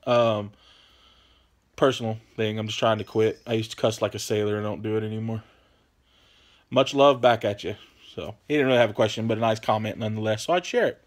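A man's voice: lowish voice, fairly even intonation, a little fast. Laid-back man rambling. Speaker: channel host answering viewer questions. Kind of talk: casual vlog Q&A.

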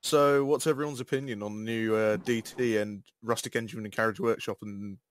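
A man's voice: fairly low pitch, fairly even intonation, fairly quick, no room sound. A man chatting on a voice call, eagerly bringing up topics. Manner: chatty, enthusiastic about topics. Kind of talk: casual chat over voice call.

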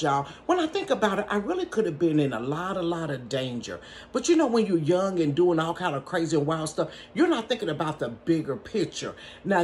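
A woman telling a personal story in a casual storytime from her bedroom, animated and laughing, talking straight to her viewers. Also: on the low side, slight background noise.

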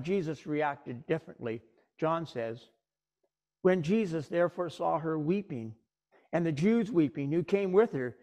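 A middle-aged man preaches with a fairly high voice. He retells the scripture dramatically, rising sharply for quoted voices and dropping low and quiet for solemn moments. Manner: dramatic retelling with shifting pitch and pauses. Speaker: pastor. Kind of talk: sermon.

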